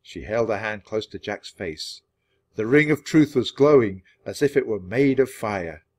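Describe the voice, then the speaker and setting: Man, children's book narration, clear and steady, expressive pitch, natural speed. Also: measured pace. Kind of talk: children's book read-aloud for language learners.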